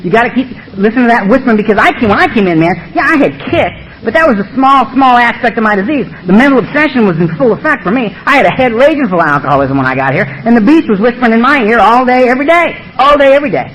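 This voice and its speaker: A man's voice: extremely high pitch, lively intonation, fast talker, few pauses, a bit bright, a little hiss or hum, poor audio. A man speaking at a recovery meeting, blunt, emphatic and humorous, with a lot of swearing. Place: meeting room.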